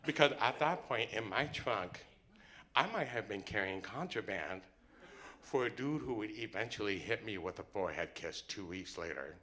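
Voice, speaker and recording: A young man performs a comic true story for a live audience, jumping into the voices of the people in it. His voice is very bright and forceful. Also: lowish voice, normal speed. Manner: animated, comic, acts out dialogue.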